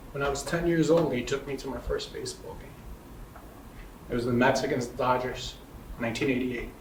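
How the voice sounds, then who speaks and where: A man telling a childhood memory in plain, steady storytelling. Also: mid-range voice, brisk. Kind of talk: personal recollection. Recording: roomy, distant, faint noise.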